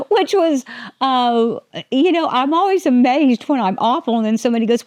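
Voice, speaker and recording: A woman's voice: fairly high pitch, animated, unhurried, dry recording, clean studio sound. An older woman hosting a casual faith podcast, rambling and restarting her sentences, often laughing. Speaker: podcast host.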